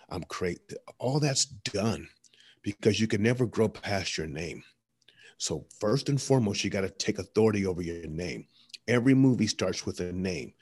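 A man's voice: on the low side, a little mellow, husky. A man, a motivational speaker, talking as a guest in an interview, emphatic and repetitive, telling stories with energy. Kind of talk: conversational interview, preaching.

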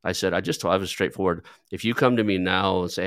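A man with a very low voice talks casually, drifting through anecdotes with frequent fillers and restarts. The sound is dry and close. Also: lively intonation, brisk, a bit bright, no room sound. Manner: rambling, storytelling with filler words. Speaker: podcast host who buys businesses. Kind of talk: casual conversational interview.

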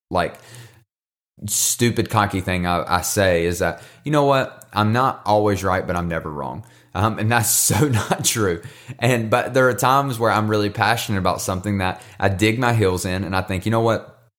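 Earnest low-voiced man hosting a devotional podcast. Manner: earnest and encouraging, repeats words as he goes. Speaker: podcast host. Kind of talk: casual devotional podcast talk.

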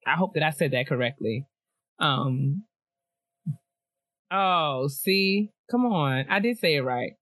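Young woman, bright tone, dry close sound, animated casual chat, reads listener emails. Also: sits low, slow, pauses often, no echo. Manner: animated, laughing often, playful asides. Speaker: podcast co-host.

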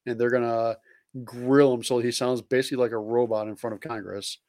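A man's voice: medium pitch, little pitch movement, fairly quick, a little mellow, no room sound. A man co-hosting a casual sports podcast, blunt and profane, laughing at his own points. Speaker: podcast co-host.

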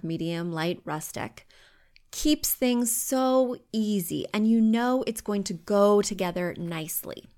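A woman hosting a podcast from home, giving chatty, emphatic design advice. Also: on the low side.

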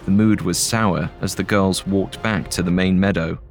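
Male horror narrator, low voice, even delivery, soft music underneath. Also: normal speed. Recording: faint music bed.

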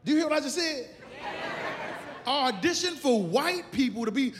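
A man from Chicago performing a loud, animated stand-up set on a large theater stage, shouting into character voices. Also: very high-pitched, moderate pace, pauses often, big-room sound. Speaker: stand-up comedian.

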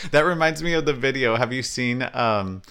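A man co-hosting a pop-culture podcast in casual chat, laughing often and talking in quick asides. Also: medium pitch, animated, pushed and bright, clean tone. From Southern California. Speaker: podcast co-host.

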